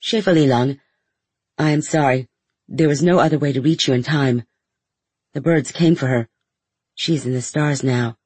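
A man voices a weary young man from a storybook who apologizes earnestly. His voice is husky and close to the mic. The sound is dry. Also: mid-range voice, moderate pace, pauses often, darkish tone, dry recording, natural voice.

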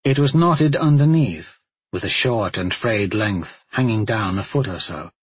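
Husky male audiobook narrator. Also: lowish voice, animated, a little slow, no room sound. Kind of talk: scripted fantasy narration.

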